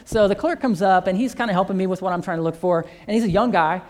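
A man's voice: high voice, quick pace, a little mellow. A man who teaches a church faith course, telling a testimony story and acting out both sides of the conversations.

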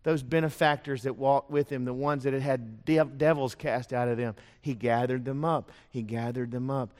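A man preaching a sermon, telling stories, firing off rhetorical questions and dropping to a hush for emphasis. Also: medium pitch, fairly even intonation, moderate pace. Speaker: pastor. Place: church sanctuary. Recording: long church hall reverb.

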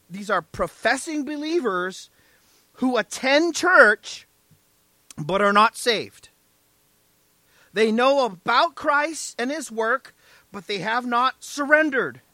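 High, bright-voiced preaching man. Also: dry recording. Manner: emphatic preaching with rhetorical "right?" and "amen?". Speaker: pastor. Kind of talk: sermon.

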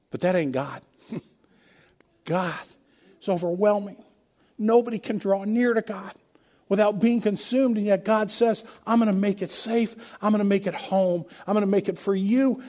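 A middle-aged pastor preaches with a dark tone, though his voice sits quite high for a man. Conversational and emphatic, he builds his points through stacked, repeated refrains.

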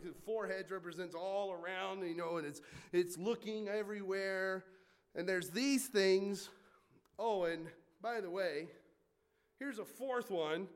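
A man preaching a sermon in an animated, conversational way, with jokes and asides to the congregation. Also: high voice. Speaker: pastor.

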